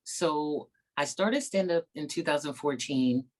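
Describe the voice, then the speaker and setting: A woman stand-up comedian chatting as an interview guest, telling stories in an animated way and acting out the people she quotes, over a video call. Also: low-pitched, a little slow. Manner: animated storyteller, acts out quoted voices. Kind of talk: casual interview chat.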